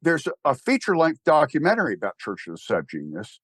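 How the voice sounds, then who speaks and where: An older man with a Texan drawl tells stories in a loose, rambling way, with wry, self-deprecating humor and bursts of animation. His voice sits at a middling pitch. It sounds close and dry, with no room echo. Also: huge pitch swings, quick pace, a bit bright, breathy edge. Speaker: interview guest, church founder. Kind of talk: casual conversational interview.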